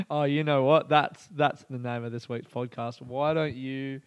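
A man's voice: mid-range voice, smooth. A male comedian and podcast host telling a story in a rambling, profane and exasperated way. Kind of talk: casual storytelling monologue.

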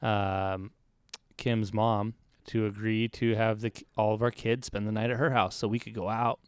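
A man's voice: on the low side, flat delivery, moderate pace, clean tone, dry recording, clean studio sound. A man co-hosting a podcast, easygoing in casual chat. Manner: easygoing, short agreeing replies. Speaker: podcast co-host.

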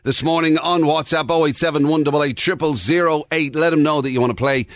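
A man's voice: a little high, steady tone, fast, no room sound. An Irish man co-hosting breakfast radio, bantering in a teasing, playful way and laughing often. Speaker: radio host.

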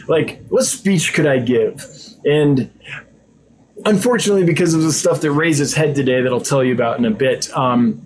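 A man's voice: on the high side, rough recording. A man chatting casually on his own stream, ad-libbing with frequent ums and restarts, growing enthusiastic as he describes aquarium fish. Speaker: aquarium fish seller and channel host. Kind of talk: casual live-stream chat.

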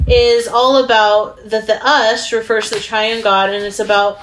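Woman reading verses in a measured way. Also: a little high, little pitch movement, fairly bright tone, slight background noise, low-quality recording. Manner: measured, reads verses slowly, thinks aloud. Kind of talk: casual Bible discussion.

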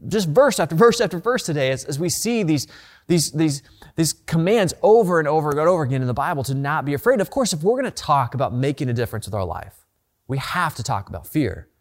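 A male pastor delivering a sermon from the pulpit. His voice sits a little higher than most men's. He speaks earnestly and conversationally, often doubling words as he restarts a thought. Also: very animated, a little fast.

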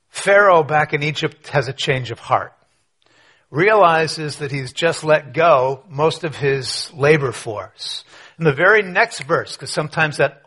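A man preaching a conversational sermon, telling a story with rhetorical questions and quiet asides. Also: fairly high pitch, husky. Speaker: pastor.

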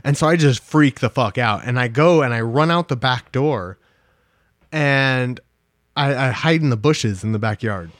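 A man's voice: mid-range voice, a little slow, dry recording, studio quality. Rambling, swearing young man telling stories. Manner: rambling storyteller, swears a lot. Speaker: podcast co-host. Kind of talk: casual chat.

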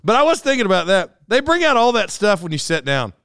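Rambling middle-aged man, smooth voice. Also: sits high, very animated, quick pace, fairly bright tone, no echo, studio quality. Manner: rambling, self-aware, chuckling storyteller. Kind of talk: casual rambling monologue.

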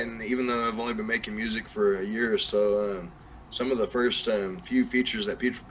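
A man's voice: fairly low pitch, fairly bright tone, a little hiss or hum, rough recording. A young man with a Southern accent, chatting casually as a podcast guest and rambling with lots of fillers and restarts. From New Mexico. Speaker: guest rapper.

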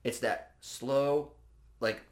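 Animated, swearing storyteller man. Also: mid-range voice, drawn-out words. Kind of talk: casual chat.

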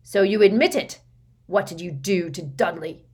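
Loud, bullying middle-aged man, read by a woman, roaring and blustering in a storybook. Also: lowish voice, very animated, normal speed, breathy edge. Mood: furious.

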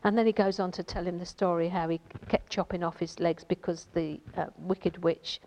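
A woman's voice: on the low side, fairly even intonation, moderate pace, a little mellow, rough recording. A woman giving an informal Bible teaching, chatty and rambling, with many fillers and asides. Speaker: lay preacher.

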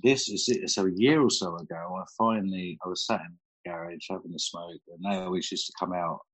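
Husky deep-voiced middle-aged man. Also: fairly even intonation, brisk, rough recording. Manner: chatty storyteller, laughs often, swears casually. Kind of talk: casual chat.

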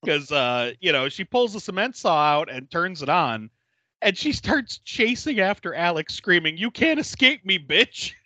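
Lively, bright-voiced man recapping a film. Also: on the high side, moderate pace, no echo. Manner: animated, laughing often, swears freely. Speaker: podcast host. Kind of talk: casual chat recapping a horror film.

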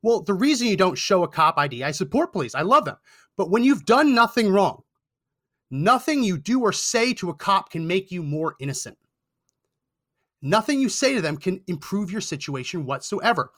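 Bright-voiced sarcastic male talk host. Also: sits high, very animated, moderate pace. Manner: indignant and sarcastic. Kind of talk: storytelling commentary.

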